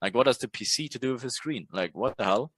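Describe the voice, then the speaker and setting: A man's voice: mid-range voice, expressive, fast talker, fairly bright tone, slightly rough, dry recording. A man teaching a trading course in a casual lecture. He talks bluntly, swears freely, and keeps checking in with "right?".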